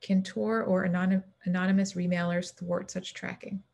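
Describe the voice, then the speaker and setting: A woman moderating an online forum, reading out audience questions in a measured way on a video call. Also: fairly low pitch, little pitch movement, creaky, darkish tone.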